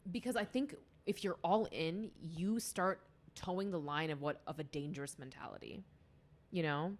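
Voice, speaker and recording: A woman's voice: fairly low pitch, normal speed. A young woman chatting casually as a podcast guest, rambling with lots of fillers and restarts. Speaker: podcast guest, music student. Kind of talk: casual chat.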